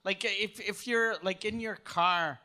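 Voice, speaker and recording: A man's voice: sits high, steady tone, measured pace, pushed and bright. A man co-hosting a casual comedy podcast, teasing the others with pointed questions. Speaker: podcast co-host.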